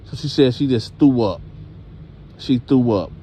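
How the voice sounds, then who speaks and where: A man's voice: medium pitch, measured pace, warm tone, a little hiss or hum. A man hosting a channel, telling a story casually and addressing his audience directly.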